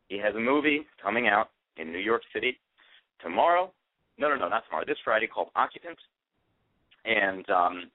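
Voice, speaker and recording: A man's voice: mid-range voice, no room sound. A man hosting a radio talk show, chatty and playful as he wraps up and makes announcements. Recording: tinny phone-like line, dry.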